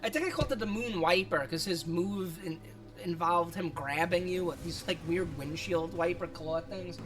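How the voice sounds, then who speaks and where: Over music, a streamer with a mid-range voice talks at normal speed while playing a game. The casual commentary rambles, with frequent swearing, lots of laughter, and some self-consciousness about how their voice sounds.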